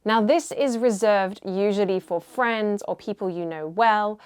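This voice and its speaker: A woman's voice: medium pitch, measured pace, a little mellow, clear, resonant tone. A woman teaching a beginner French lesson, carefully modelling pronunciation and repeating words for learners. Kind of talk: language lesson.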